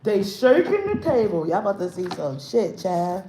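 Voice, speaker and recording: Her mid-range voice has a sing-song lilt at a moderate pace as she hosts a livestream rant, unscripted, brash, profane and confrontational, rambling with slang and restarts. The background is noisy and the room echoes.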